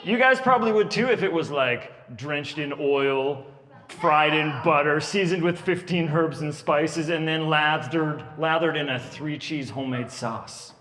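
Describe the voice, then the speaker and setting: A man in his thirties doing stand-up comedy at a birthday party, telling stories about his kids with lively, animated delivery. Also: on the high side, measured pace, big-room sound. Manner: animated storytelling, puts on kids' voices.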